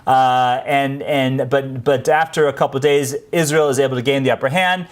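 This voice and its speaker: A man's voice: medium pitch, steady tone, moderate pace. A man giving an unscripted history talk, telling events as an earnest story and pressing hard on the points he cares about. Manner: earnest storytelling, grows emphatic on key points. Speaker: history presenter.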